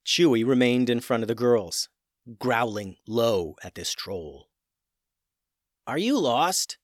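A man narrating a children's fantasy story with expressive, dramatic storytelling. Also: medium pitch, unhurried, no echo, clean studio sound.

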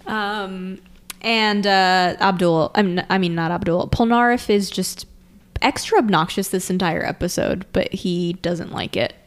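Woman podcast co-host, chatty and quick to laugh, mid pitch. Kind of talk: casual anime recap chat.

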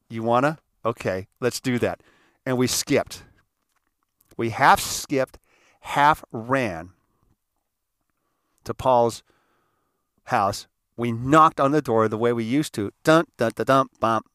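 A man's voice: mid-range voice, fairly bright tone, clean tone, no echo, clean studio sound. Emotional older man telling a story. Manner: emotional, emphatic, rambling. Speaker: host. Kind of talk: personal storytelling.

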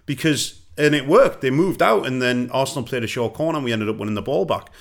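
A man hosting a casual football podcast, telling stories with lively energy and running the show. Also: mid-range voice, fast talker, gravelly. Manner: lively storyteller, animated when quoting. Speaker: podcast host.

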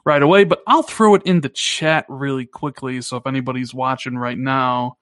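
A man co-hosting a gaming podcast, talking in a casual, teasing way and jumping up in pitch when he jokes. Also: normal speed, smooth, dry recording, clean studio sound. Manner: animated, teasing, pitch jumps up when joking. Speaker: podcast co-host.

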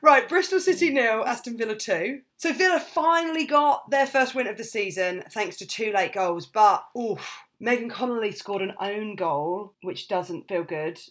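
A bubbly woman from England co-hosts a chatty podcast and teases her partner in a relaxed way. Her pitch moves widely and sounds animated throughout. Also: moderate pace, hardly any pauses. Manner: teasing, bubbly. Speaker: podcast co-host. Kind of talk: casual chat.

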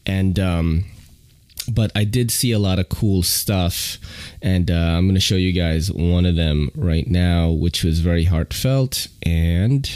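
A man's voice: deep voice, takes it slowly, a little mellow, no echo, studio quality. A man hosting a podcast in casual, rambling chat, often laughing and using many fillers. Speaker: podcast host.

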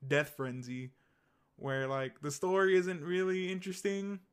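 A man's voice: high voice, measured pace, clear, resonant tone. Rambling young man in casual chat. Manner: rambling, filler-heavy, enthusiastic. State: hiccups. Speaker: podcast co-host.

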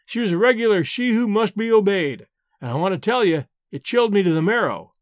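A man voices an old storyteller, earnest and a little solemn, reminiscing over his glass. The voice sits high for a man, recorded dry and close with no room around it. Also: lively intonation, brisk, no room sound. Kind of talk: audiobook reading.

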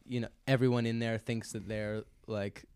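Young man telling a lively anecdote. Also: on the low side, moderate pace, clean tone, no room sound. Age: 20s. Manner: animated storytelling, loud impressions and frequent laughter. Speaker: storyteller. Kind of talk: casual chat.

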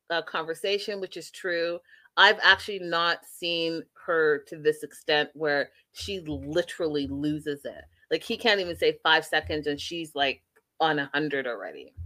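A woman hosting a podcast, giving a casual, opinionated recap of a reality show, acting out what people said. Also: lowish voice. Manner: animated, opinionated, acts out quotes. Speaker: podcast host reviewing reality TV.

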